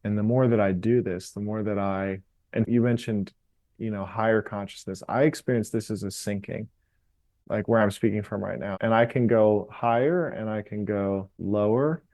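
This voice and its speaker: Man, podcast guest, calm explanatory interview talk, low voice, dry close sound. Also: moderate pace, dry recording. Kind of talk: reflective interview talk on meditation.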